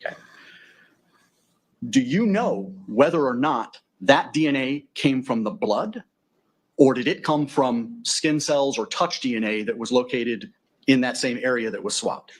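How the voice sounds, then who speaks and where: A man's voice: mid-range voice, a little slow. A man acting as defense attorney in a courtroom, cross-examining a witness methodically with leading tag questions.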